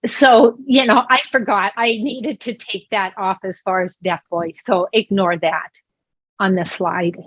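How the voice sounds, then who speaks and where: A woman's voice: mid-range voice, fairly even intonation, a little slow, fairly bright tone, breathy edge. Woman, voice interpreter, explanatory and conversational, small restarts, dry close sound, no room echo. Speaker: voice interpreter for a deaf presenter. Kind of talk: interpreting a sign-language lesson.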